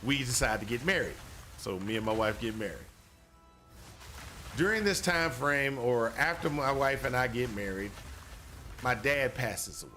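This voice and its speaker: A man's voice: medium pitch, animated, normal speed, sharp tone, faint music behind. A man casually telling a long personal story while playing a video game, rambling and repeating himself with lots of "you know". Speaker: gaming streamer.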